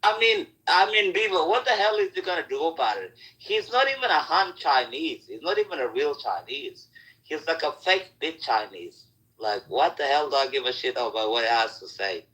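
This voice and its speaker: A man's voice: medium pitch, animated, normal speed, fairly bright tone, poor audio. A man hosting an online voice chat, hurling aggressive, profane taunts in a heated argument. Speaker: host.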